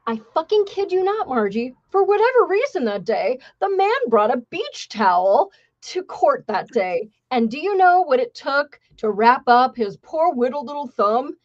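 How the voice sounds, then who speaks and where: A woman's voice: high voice, very animated, moderate pace, muffled recording. A woman hosting a podcast, telling a story in a blunt, sarcastic and profane way. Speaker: podcast host. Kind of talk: casual storytelling.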